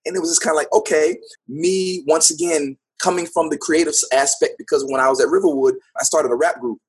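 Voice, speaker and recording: An upbeat man recounts his path into acting, laughing easily as he talks. His voice sits a bit high and has a husky edge. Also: brisk. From United States. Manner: upbeat, animated, laughs often. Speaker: interview guest, actor and teacher. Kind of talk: casual storytelling interview.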